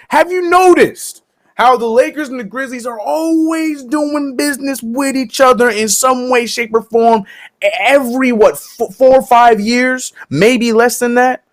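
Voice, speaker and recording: A man hosting a casual sports talk segment, animated and joking as he talks. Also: sits high. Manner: animated, laughing, joking asides. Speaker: sports show co-host.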